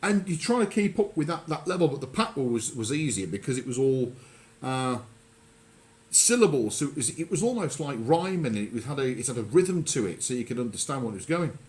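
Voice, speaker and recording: A man's voice: medium pitch, sing-song, fairly quick, a little mellow. A man hosting a casual radio chat, rambling and often correcting himself mid-sentence. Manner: rambling, self-correcting, chatty. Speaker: radio show host.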